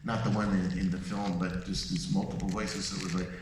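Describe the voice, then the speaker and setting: An older voice actor on a convention panel, telling stories in an animated, rambling way and slipping into voices. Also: male voice, low voice, a little fast. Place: large convention hall. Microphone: handheld mic, filmed from the audience. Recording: echoey hall, distant camera, faint noise.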